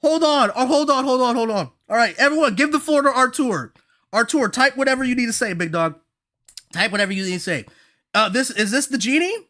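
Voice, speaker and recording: A woman with a high, bright-pitched voice hosts a livestream reaction to a manga chapter. She addresses her chat directly in an excitable, hyped-up manner that often tips into frantic shouting. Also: a little fast.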